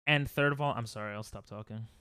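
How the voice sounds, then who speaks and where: A man's voice: lowish voice, fast talker, pushed and bright, smooth, dry recording. A young man chatting casually on a live stream while gaming, joking, laughing often and reading chat aloud from a close desk mic at home.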